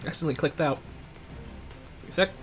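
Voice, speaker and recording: A man's voice: on the high side, fast, fairly bright tone, soft background music. A man streaming a game, reading the story text aloud and adding playful asides to his viewers. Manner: chats with viewers while eating. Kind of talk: let's-play voicing game text.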